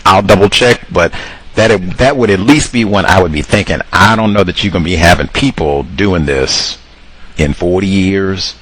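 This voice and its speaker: A man with a lowish voice hosts a loose, animated commentary monologue. He talks straight at his audience, calls them cousins, and slips into higher voices to act out the people he quotes. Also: moderate pace, low-quality recording. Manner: addresses listeners as cousins. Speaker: host.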